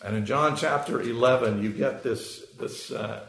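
Gravelly-voiced preacher in an echoey church. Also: male voice, medium pitch, a bit bright. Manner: explanatory, unhurried, with frequent fillers. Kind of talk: sermon. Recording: echoey room.

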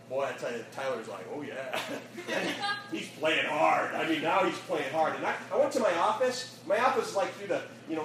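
Animated pastor preaching in an echoey hall. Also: male voice, high-pitched. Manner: animated storyteller, acts out quotes, laughs often. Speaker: youth pastor. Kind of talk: storytelling sermon. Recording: echoey room, distant mic, audible noise.

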